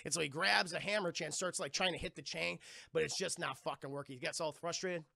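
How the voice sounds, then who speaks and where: A male streamer rambles through a film plot for his chat, animated and profane. His voice is high, bright and forceful, with heavy vocal fry. The sound is close and dry, with no room echo. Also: quick pace. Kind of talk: casual retelling of a film to chat.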